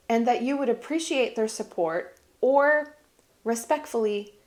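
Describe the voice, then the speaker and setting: A woman's voice: on the high side, darkish tone. A middle-aged woman giving heartfelt, emphatic life advice as a family vlogger talking to camera. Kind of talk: earnest motivational talk to camera.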